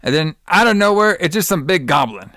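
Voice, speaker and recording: A man with a fairly high voice chats through a film plot on a podcast, swearing freely and slipping into the characters' lines. The sound is close and dry, with no room around it. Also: animated, brisk, sharp tone, no room sound. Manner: profane, rambling, acts out characters' lines. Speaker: podcast co-host. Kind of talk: casual chat recapping a film.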